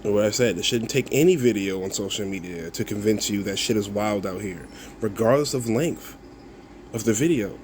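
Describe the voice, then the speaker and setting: A man's voice: fairly low pitch, normal speed, darkish tone, slight background noise. A content creator, a man, replying to viewer comments in a casual rant, mocking and swearing, breaking into laughs and repeating himself.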